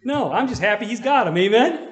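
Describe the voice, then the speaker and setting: High-voiced man teaching in an echoey church. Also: brisk. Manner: conversational, asks the room for amens. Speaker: Bible study teacher. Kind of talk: Bible study teaching. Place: church hall.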